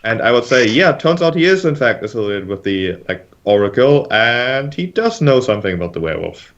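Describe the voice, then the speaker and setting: A man running a tabletop game as game master, explaining the rules in a measured, patient way. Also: mid-range voice, very animated, highs cut off.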